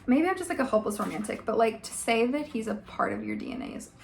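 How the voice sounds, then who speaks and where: A woman's voice: on the high side, big pitch swings, fast talker, creaky, darkish tone, slight background noise. A woman vlogger giving casual, opinionated commentary, ranting emphatically with lots of "like" and "okay?". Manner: emphatic, rants with many "like" and "okay?". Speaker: vlogger reviewing a TV adaptation.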